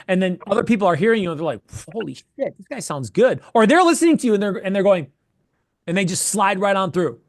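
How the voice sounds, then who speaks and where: A man with a high voice coaches a sales role-play in a casual, animated way. He swears freely and fires off short phrases over and over. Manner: animated, profane, quick bursts of repeated phrases. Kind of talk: coaching feedback in casual chat.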